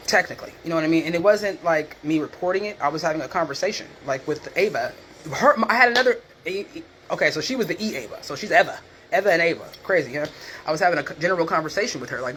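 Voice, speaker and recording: A woman vlogger talks through her life at a rapid clip and holds nothing back, with blunt profanity throughout. She slips into other people's voices as she retells what happened, over a faint hum of room ambience. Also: low-pitched. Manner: candid, profane, animated retelling with quoted voices. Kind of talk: casual storytelling chat.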